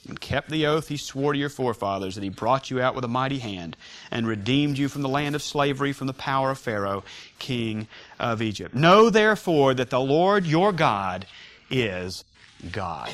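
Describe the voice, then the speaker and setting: A man's voice: mid-range voice, big pitch swings, moderate pace, a bit bright. A man teaching a Sunday school Bible class, emphatic and joking with his students as they discuss scripture.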